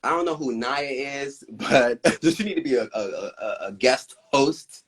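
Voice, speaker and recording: A male host telling a story in a casual live-stream chat, animated and profane, retelling events with a lot of drama. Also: medium pitch, unhurried, slightly rough.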